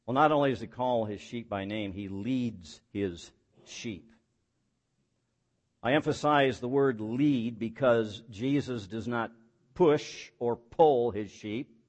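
A man's voice: mid-range voice, unhurried. A pastor preaching a sermon in a mid-range male voice. He builds to emphatic points with rhetorical questions and falls back to plain, folksy, self-deprecating asides.

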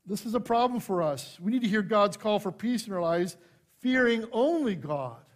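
High-voiced expressive male preacher. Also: normal speed. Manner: expressive preaching, swings from loud emphasis to hushed asides; conversational with light humor. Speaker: pastor. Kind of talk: sermon.

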